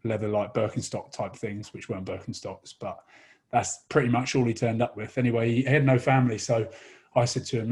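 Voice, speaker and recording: A thirtysomething English rugby player, medium-pitched with a breathy edge, recounts a lengthy comic anecdote in relaxed chat. He stays animated and is quick to break into laughter.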